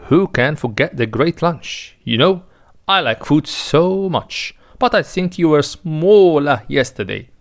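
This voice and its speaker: A man's voice: a little high, expressive, unhurried. A man reading a smug young impostor official. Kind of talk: dramatic reading of a play.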